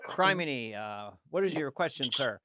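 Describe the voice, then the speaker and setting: A man co-hosting a casual comedy podcast, playful and quick to laugh. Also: mid-range voice, animated, pushed and bright, no room sound, clean studio sound. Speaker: podcast co-host.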